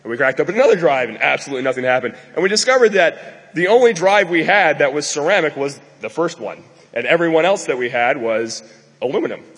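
Husky man giving a rambling hall talk. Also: on the high side, expressive, a little fast, a bit bright. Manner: rambling, filler-heavy, joking. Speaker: conference speaker. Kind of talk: live conference talk. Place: lecture hall with an audience.

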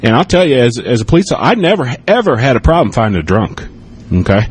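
A man's voice: medium pitch, sing-song, fast. A middle-aged American man who used to be a police officer, giving a casual, rambling conference talk and taking audience questions, often adding "okay?". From United States. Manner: casual, rambling, frequent "okay?" and "you know".

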